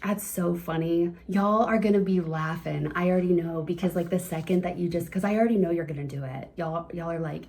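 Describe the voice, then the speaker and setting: A woman talks straight to her viewers through a casual card reading, chatty and encouraging, often breaking into laughter. Her voice sits low for a woman and has a warm, mellow tone. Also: a little fast. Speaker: tarot reader.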